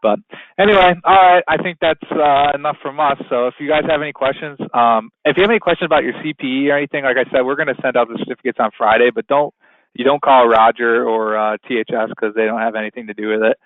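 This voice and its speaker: A man hosting a webinar in a casual, rambling way, filling pauses with "you know". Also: mid-range voice, fairly even intonation, no room sound. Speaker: webinar host. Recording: tinny phone-line sound, dry.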